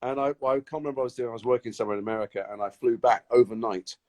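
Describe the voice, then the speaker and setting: A man telling animated stories in casual chat on a live video stream, acting out the people he quotes. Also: mid-range voice, very fast. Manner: animated storyteller, acts out quoted voices. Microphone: phone or webcam on a live video call.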